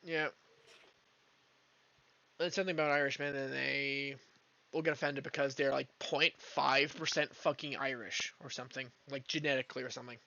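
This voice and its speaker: A man's voice: medium pitch, fairly even intonation, moderate pace, gravelly, bright, forceful tone, highs cut off. A man streaming a game while ranting in a casual, rambling, foul-mouthed way, often trailing off mid-thought. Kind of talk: casual rant while gaming.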